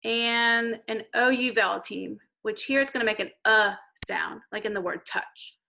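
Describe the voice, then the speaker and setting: A woman teacher giving a recorded reading lesson to young children, slowly sounding out letters and words. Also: fairly high pitch, noisy background. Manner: slow, clear modelling of letter sounds.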